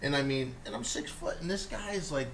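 Animated storytelling comedian man. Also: mid-range voice, fairly quick, slight background noise, poor audio. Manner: animated storyteller, laughs through his own impressions. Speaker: podcast host. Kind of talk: casual chat.

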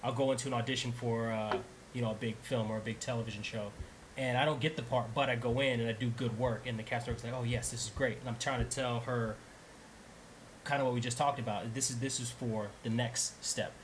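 A man's voice: mid-range voice, steady tone, fairly quick, a little hiss or hum, low-quality recording. A man, an actor, talking in casual conversation, earnest and reflective, often restarting his phrases.

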